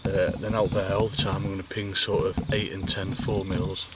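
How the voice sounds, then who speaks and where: A man's voice: sits low, level tone, fairly quick. Man joking by a noisy lake. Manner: jokey, matey banter. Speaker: angler and show host. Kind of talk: chatty on-camera commentary. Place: outdoors at a fishing lake. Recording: distant outdoor mic with loud noise.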